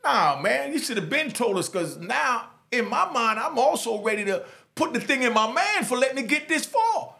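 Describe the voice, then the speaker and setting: In a sing-song voice with vocal fry and a moderate pace, this middle-aged New Yorker with a Jamaican New York accent shares prison stories in street slang, often adding "you know what I mean." He imitates others by lowering and softening his voice.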